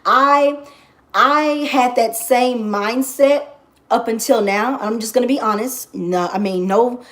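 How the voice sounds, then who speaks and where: A brash woman with a fairly high voice gives a casual astrology vlog monologue. She swears freely and hammers her points home by saying them again and again. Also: takes it slowly, a bit bright. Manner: brash, profane and emphatic; repeats phrases for emphasis.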